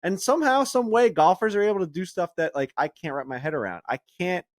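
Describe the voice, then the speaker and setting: A man co-hosting a golf podcast in casual chat, getting loud and animated as he argues his point. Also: high voice, fast, no echo. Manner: animated, swings loud when worked up. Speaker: podcast co-host.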